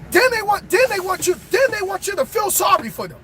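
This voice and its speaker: A male truck driver giving a motivational pep talk in a preachy way, bursting into shouts, recorded in his truck cab. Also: extremely high pitch, big pitch swings, brisk, hardly any pauses, slight background noise.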